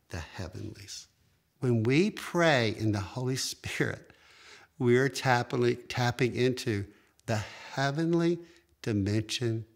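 A man preaching a sermon as pastor, emphatic, with sudden jumps in pitch and stretched-out phrases.

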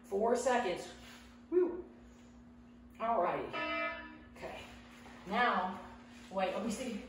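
A woman's voice: medium pitch, lively intonation, slow, slight background noise. A woman chatting casually while she leads a home workout, out of breath as she exercises. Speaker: fitness vlogger. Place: home room. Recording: very echoey room from far off.

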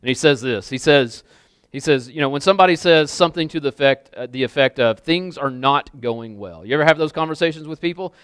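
A man's voice: on the high side, animated, fairly quick, fairly bright tone, clean tone, no echo, studio quality. A man preaching a sermon as pastor, in a loose, conversational way full of casual fillers and repeats, speaking in a church. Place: church sanctuary with a congregation.

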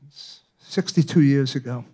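A man's voice: medium pitch, unhurried, mellow, slightly rough. An elderly man in his eighties from Brooklyn, an author giving an anecdotal public talk in a library, conversational and checking in with the audience often. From Brooklyn, New York. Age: 80s. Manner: conversational, tags many phrases with "right?". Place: library event room.

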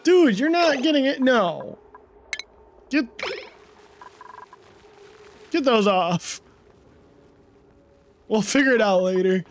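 Man, high voice, live game streamer, rambling, puzzled, faint background hiss. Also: animated, slow pace, pauses often. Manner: rambling, puzzled, asks himself questions aloud. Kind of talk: live gameplay commentary.

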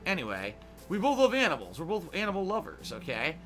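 A man's voice: on the high side, huge pitch swings, a little fast, a bit bright, soft background music. A man chatting casually while streaming a game, swearing often and ranting in heated, emphatic bursts. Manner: profane, ranting. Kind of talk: casual gameplay chat.

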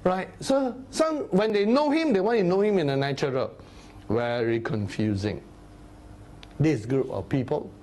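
Brief: man, Bible teacher, animated sermon delivery, voice sits a little high, grave on solemn points. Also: unhurried. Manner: animated, acts out crowd voices in a raised voice; drops to low, grave tones for solemn points.

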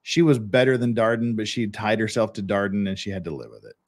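A man's voice: fairly low pitch, animated, quick pace. A man hosting a podcast who talks through trial footage in a blunt, opinionated way, often restarting his sentences. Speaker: podcast host. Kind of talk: casual commentary on trial footage.

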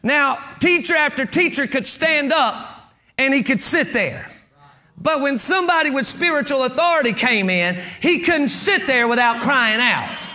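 Male pastor, sermon, high voice, bright and forceful tone, reads scripture then breaks it down, climbs to shouting. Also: expressive, a little slow. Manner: fervent preaching, rising to shouts on key points; reads scripture aloud and stops to explain it.

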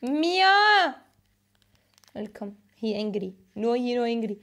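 High lively woman livestreamer, slow talk. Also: gravelly. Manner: playful, laughing, simple broken English. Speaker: livestream host. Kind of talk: casual livestream chat.

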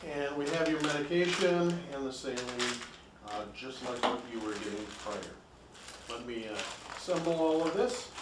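A man's voice: a little high, moderate pace, echoey room, far from the mic, very noisy. A man working as a respiratory therapist, explaining a treatment and its equipment at the bedside in a patient, step-by-step way. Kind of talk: bedside instruction and demonstration.

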